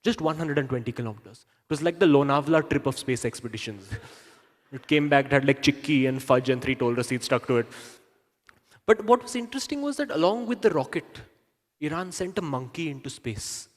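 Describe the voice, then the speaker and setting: A man performing stand-up on a stage mic, his voice fairly high for a man. He talks in a lively, conversational way with quick asides, and a long reverb from the big hall trails behind him. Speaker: stand-up comedian. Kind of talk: live stand-up comedy. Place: large event hall.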